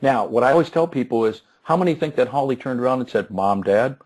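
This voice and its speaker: A man in his fifties, a success coach, telling an animated story in an interview, chuckling and often restarting his words. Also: medium pitch, quick pace, rough recording.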